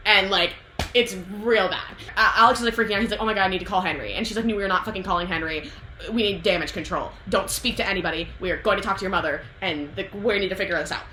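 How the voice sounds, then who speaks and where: A young woman casually retells a book's plot to a friend, swearing often, laughing a lot, and animatedly acting out the characters' lines. She talks fast in a mid-range voice, in an echoey room with slight background noise.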